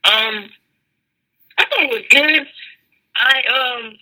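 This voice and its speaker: A woman's voice: high voice, slow, bright, forceful tone, poor audio. A woman new to a podcast, chatting hesitantly with many ums about a TV episode. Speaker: podcast co-host. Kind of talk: casual TV recap chat.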